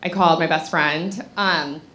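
A woman telling a funny personal story to a live audience in an animated, breathless way, often laughing as she acts out her own thoughts. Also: low-pitched, measured pace, a little hiss or hum. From Los Angeles. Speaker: comedic storyteller.

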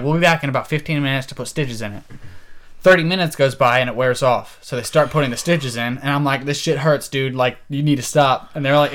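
A man in his twenties, a podcast co-host, telling a story in casual chat, animated and laughing often. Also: mid-range voice. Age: 20s.

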